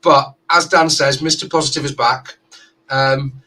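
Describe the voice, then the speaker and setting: A man with a southern English accent talks in a casual, rambling way, full of fillers. His voice is bright and forward. He sits a little away from the mic. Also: mid-range voice, steady tone, measured pace, far from the mic. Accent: generic southern English. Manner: rambling, hesitant, with many fillers. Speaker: co-host of fan channel. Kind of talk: casual fan chat.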